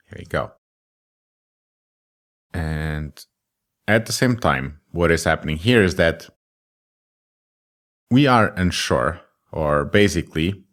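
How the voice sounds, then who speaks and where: Very deep-voiced man. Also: fairly bright tone. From Germany. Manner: chatty and self-deprecating, thinks aloud with many ums. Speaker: course instructor. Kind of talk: casual screen-recorded coding tutorial.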